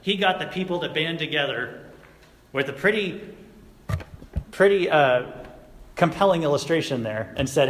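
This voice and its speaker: A man's voice: a little high, expressive, moderate pace, pauses often. A man giving a casual youth sermon, retelling a Bible story in everyday words and asking his listeners questions. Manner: conversational, asks the audience questions. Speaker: youth pastor. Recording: echoey hall recording, faint noise.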